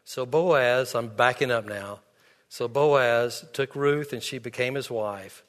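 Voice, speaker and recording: A man preaches a sermon from the pulpit, earnest as he tells stories. His voice sits at an ordinary middle pitch. It rings out with a long reverb from the church sanctuary. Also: slow pace. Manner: earnest, storytelling with quoted dialogue. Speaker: pastor.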